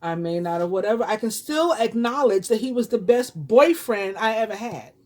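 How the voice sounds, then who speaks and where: A woman's voice: on the high side, expressive, normal speed, a little mellow. A woman in her fifties from New York with a New York accent, a tarot reader telling a personal story to her viewers in a chatty, rambling way full of fillers and restarts. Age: 50s.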